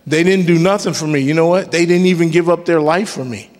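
A man's voice: fairly high pitch, brisk, darkish tone. A man preaching a sermon in a church, emphatic with call-and-response and casual joking asides. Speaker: worship leader preaching. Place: church sanctuary. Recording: long reverb of a church hall.

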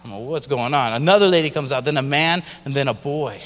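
A man's voice: on the high side, animated, quick pace, a bit bright. A male missionary giving a personal testimony in a casual, storytelling way, now and then acting out other people's voices. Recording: long reverb of a large hall.

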